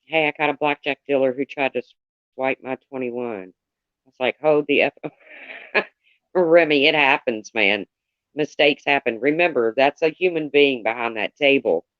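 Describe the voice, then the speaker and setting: A man's voice: medium pitch, normal speed, no room sound, muffled recording. A man livestreaming in casual chat, rambling candidly and greeting viewers by name.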